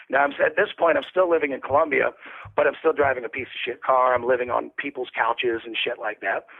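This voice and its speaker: Man, interview guest, casual storytelling, raspy, profane rambling anecdotes, phone-like audio. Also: medium pitch. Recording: tinny phone-line audio.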